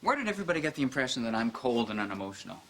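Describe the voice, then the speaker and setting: A man's voice: mid-range voice, very animated, racing, noisy background. An actor playing an awkward young male boss who hesitates and stammers earnestly, in a sitcom. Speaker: news director boss. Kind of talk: sitcom acting.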